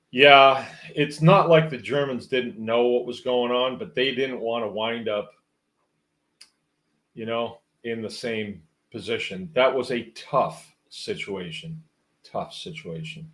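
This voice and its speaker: A man's voice: medium pitch, slow pace, fairly bright tone. A man hosting a livestream, reading out viewer comments and musing in a rambling, wry, casual way. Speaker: host.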